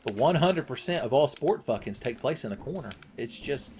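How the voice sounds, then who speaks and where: A man's voice: mid-range voice, expressive, normal speed, darkish tone, a little hiss or hum. A man commentating his video game play with crude, sarcastic jokes. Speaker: gaming channel host.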